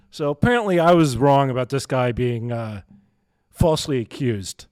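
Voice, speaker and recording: A man's voice: medium pitch, lively intonation, moderate pace, a little mellow, clear, resonant tone, dry recording, studio quality. A man co-hosting a podcast, telling a story in casual chat with many fillers and frequent laughs. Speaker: podcast co-host.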